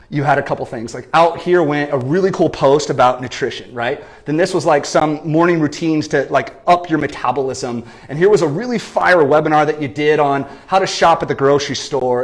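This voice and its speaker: A man in his thirties giving an animated business coaching talk, often checking in with "okay?" and "right?". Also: fairly high pitch. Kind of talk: energetic marketing talk. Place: lives in San Diego.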